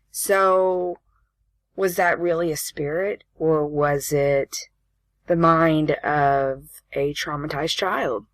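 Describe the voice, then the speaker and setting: A woman's voice: low voice, steady tone, slow, no room sound. A woman in her late twenties, a podcast co-host chatting casually, laughing often and acting out the voices in her stories. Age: late 20s. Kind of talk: casual chat, storytelling.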